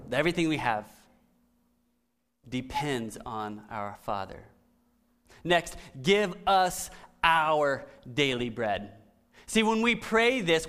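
A middle-aged man preaching a conversational sermon, often dropping to soft, emphatic lines. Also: a little high. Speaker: pastor.

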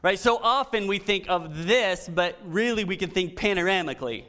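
Middle-aged pastor guy, kinda high voice, chatty sermon, goes quiet n soft to stress stuff. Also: moderate pace. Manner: conversational, drops to soft emphatic lines.

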